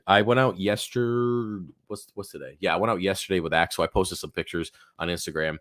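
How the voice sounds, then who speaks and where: Hoarse, deep-voiced man chatting casually. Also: a little fast, no room sound. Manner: rambling, relaxed, many fillers and restarts. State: hoarse, losing his voice. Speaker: live stream host. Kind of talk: casual live Q&A chat. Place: home office.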